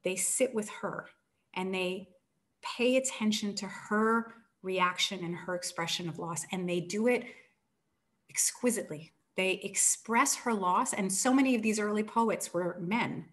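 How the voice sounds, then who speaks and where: An author, a woman, retelling an old tale with animated storytelling and acted-out quotes. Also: medium pitch, measured pace. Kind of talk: book talk, retelling a story.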